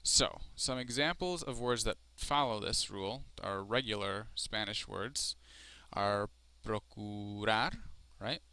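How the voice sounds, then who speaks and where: A man's voice: on the low side, pushed and bright. A man giving a recorded screencast lesson as a Spanish teacher, explaining step by step with frequent ums. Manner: explanatory, slow and deliberate with frequent fillers.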